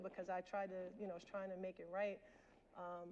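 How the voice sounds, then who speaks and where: A woman's voice: on the low side, level tone, moderate pace, darkish tone, muffled recording, a little hiss or hum. A woman in her forties giving a candid personal storytelling talk as a guest lecturer, speaking straight to the audience. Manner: candid, addresses the audience directly. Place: lecture hall.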